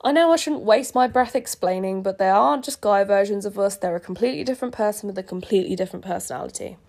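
A woman's voice: mid-range voice, fast talker, vocal fry, darkish tone, lightly acted. Prim princess, exasperated but soothing, woman reading her own fanfic. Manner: soothing, reassuring. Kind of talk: reading her own fan fiction aloud.

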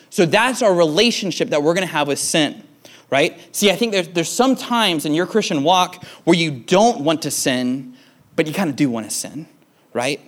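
A young man preaching a conversational sermon as pastor, casual and relaxed, often tagging his points with "right?" and "man.". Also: on the high side.

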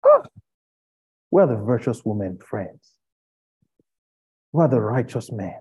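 A man preaching an impassioned sermon, firing rhetorical questions at his listeners and rising to loud pleading. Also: mid-range voice, big pitch swings, measured pace, breathy edge. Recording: dull lo-fi recording.

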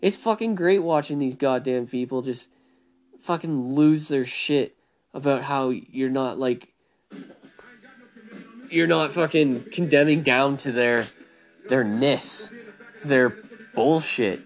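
A man giving a blunt, profane, animated rant about being yourself and not following the crowd, talking casually to listeners. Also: mid-range voice, takes it slowly, pauses often. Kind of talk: casual monologue.

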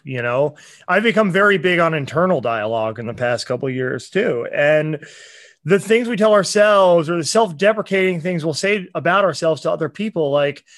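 A man's voice: a little high, fairly bright tone, no room sound, clean studio sound. A man co-hosting a podcast, talking in an earnest, impassioned, preachy way in casual chat. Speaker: podcast co-host.

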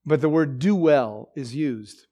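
A man's voice: on the high side, takes it slowly, warm tone. A man preaching a devotional in a conversational way, with many fillers and frequent check-ins like "okay?" and "right?". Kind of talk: devotional teaching.

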